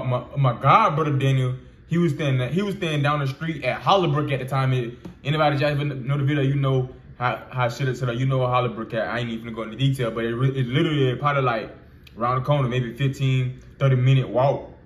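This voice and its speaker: A man's voice: medium pitch, steady tone, fast. Storytelling man in his twenties, echoey room. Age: 20s. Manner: loose, profane street slang with many fillers. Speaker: vlogger. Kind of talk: casual storytelling.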